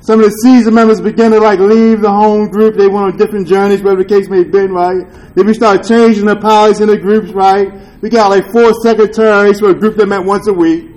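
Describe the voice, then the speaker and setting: A man with a notably high voice shares a candid testimony at a recovery meeting. He talks in loose street slang, swears freely, and keeps checking in with "you dig?" His tone is earnest and confessional. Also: level tone, a little fast, hardly any pauses, a little mellow, low-quality recording. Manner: earnest and confessional, with rueful laughs. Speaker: speaker sharing at a recovery meeting.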